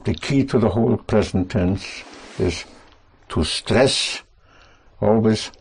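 Slow, gravelly, low-voiced male teacher. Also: a little mellow, a little hiss or hum. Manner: slow, patient, reassuring, repeats and corrects. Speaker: language teacher. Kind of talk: spoken language lesson with students.

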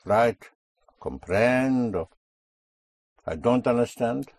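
A man's voice: on the low side, lively intonation, slow pace, darkish tone, husky, no room sound. A man teaching a language lesson, patiently repeating and correcting a student's answers. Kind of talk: guiding a student through spoken drills.

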